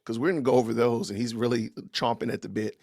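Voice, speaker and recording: A man's voice: medium pitch, flat delivery, fast talker, creaky, a little mellow, no room sound, studio quality. A man hosting a casual livestream podcast, greeting viewers with slangy, upbeat phrases and introducing his guest. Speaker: podcast host.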